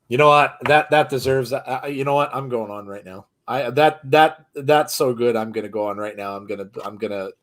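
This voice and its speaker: A man co-hosting a live reaction commentary, excitable, laughing often and gushing with exclamations. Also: mid-range voice, normal speed, few pauses, a little hiss or hum. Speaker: co-host of a wrestling watchalong.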